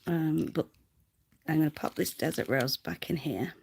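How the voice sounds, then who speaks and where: A woman's voice: deep voice, moderate pace, creaky, darkish tone, slight background noise. A woman chatting casually on a livestream, giggly and often dropping to a whisper, close to the mic.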